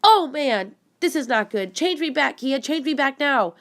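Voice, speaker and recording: A woman voicing a jokey boy who has turned into a bug, wisecracking and a bit whiny, with a slight vocal fry. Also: sits high, expressive, normal speed, a bit bright, pitched above the performer's own voice.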